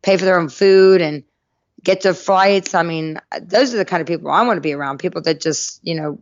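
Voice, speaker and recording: A middle-aged woman from North Carolina, a podcast guest telling her life story in a lively way and acting out the people in it. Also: lowish voice, fairly quick, dry recording, highs cut off. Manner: lively anecdotal storyteller, acts out quoted voices. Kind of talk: storytelling interview.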